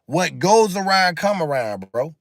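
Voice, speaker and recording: A man's voice: sits high, lively intonation, a little slow, no echo, studio quality. A man hosting a casual livestream, talking emphatically and repetitively in a preachy way while answering viewer comments. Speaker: livestream host.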